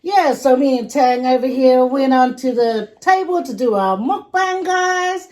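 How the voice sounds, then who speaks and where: Brief: a loud, high, drawn-out hammy female persona, put on by a woman vlogger, dark-toned underneath. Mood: hyped. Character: loud squealing over-the-top female show persona.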